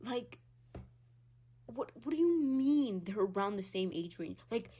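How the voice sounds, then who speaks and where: At a measured pace, a young adult Hispanic woman rants casually on her solo podcast. Animated and quick to laugh, she swears without holding back and lurches between loud squeals and low mutters, with big changes in pitch and loudness.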